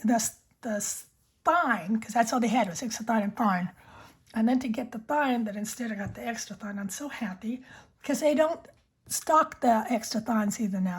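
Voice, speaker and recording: Lady pen vlogger, super breathy half-whisper, slightly high voice, rambly and chatty. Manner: chatty, rambling, many fillers and self-corrections. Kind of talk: casual show-and-tell, often whispered.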